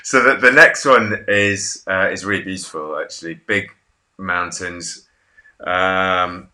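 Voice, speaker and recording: A man interviewing a guest, asking encouraging questions in a halting way and offering praise. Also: deep voice, pushed and bright. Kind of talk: casual interview.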